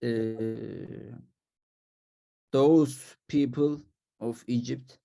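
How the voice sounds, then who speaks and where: A man answering as a student in an online class over a video call, hesitant and unsure, with many pauses. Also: medium pitch, steady tone, gravelly, dark tone.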